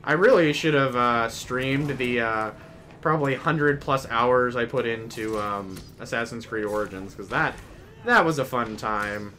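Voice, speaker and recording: Bright-voiced rambling game streamer man. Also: medium pitch, measured pace, a little hiss or hum. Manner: rambling and chatty, trailing off mid-sentence. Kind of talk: casual gameplay commentary.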